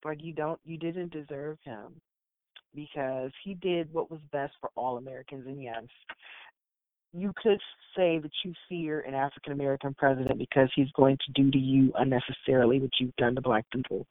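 A woman co-hosting in casual chat, talking in a measured way. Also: a bass voice, steady tone. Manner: measured, turns to loud laughing shouts. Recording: tinny phone-like audio.

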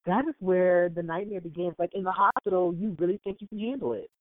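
A woman telling stories in a casual chat, animated and full of laughter, acting out what people said. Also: fairly low pitch, a little fast, dry recording. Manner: animated storyteller, big laughs, acts out quotes. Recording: tinny phone-like line, dry.

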